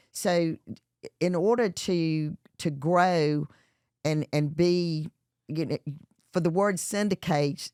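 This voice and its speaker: A woman's voice: low voice, a little mellow, no echo, studio quality. A middle-aged woman with a Southern US accent, a chef and entrepreneur talking as an interview guest, chatty with many fillers and restarts. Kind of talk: casual interview talk.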